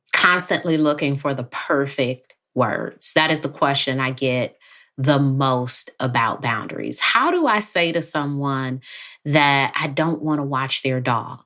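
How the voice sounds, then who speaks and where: A woman guest on a podcast interview, talking calmly and evenly, sometimes acting out quoted lines. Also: extremely low pitch. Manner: calm, measured, acts out quoted lines. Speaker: therapist guest.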